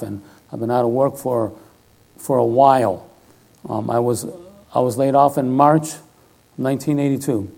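A man's voice: medium pitch, gravelly, warm tone. An older man giving a sermon in a conversational style, often checking in with "all right?". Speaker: lay preacher.

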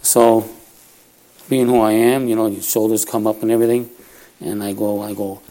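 A Puerto Rican-heritage lay preacher in his fifties tells stories in a church sermon, folksy, self-deprecating and often laughing. His medium-pitched voice is expressive, gravelly and darkish, a little slow with frequent pauses, and a faint crowd can be heard.

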